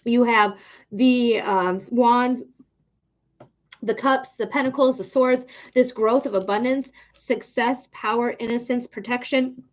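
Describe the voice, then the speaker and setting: A woman's voice: a little high, steady tone, slow. A woman giving a live-streamed tarot reading, chatty and frank, swearing casually as she talks. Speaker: tarot reader.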